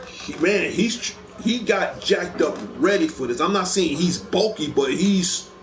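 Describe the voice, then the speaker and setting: Man, casual show host, rambling, repeats words, slightly high pitch, roomy echo. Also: lively intonation, unhurried, a little hiss or hum. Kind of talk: casual chat about movies. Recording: echoey room.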